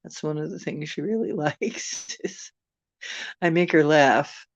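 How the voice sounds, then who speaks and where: Slow, jokey woman host chatting. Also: low voice, no echo. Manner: jokey, chatty, laughing easily. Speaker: channel host. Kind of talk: casual livestream chat.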